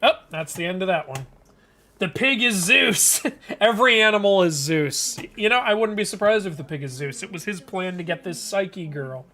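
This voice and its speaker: A man's voice: high-pitched, moderate pace, bright, forceful tone. A man hosting a casual live webcomic reading, commenting with joking, chuckling asides. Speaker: mythology channel host.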